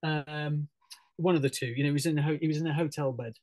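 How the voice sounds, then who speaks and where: Halting, chatty male musician. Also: a little high, steady tone, darkish tone, dry recording, rough recording. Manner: halting, many fillers and restarts, laughs often. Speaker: musician guest. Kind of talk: casual radio interview over a video call.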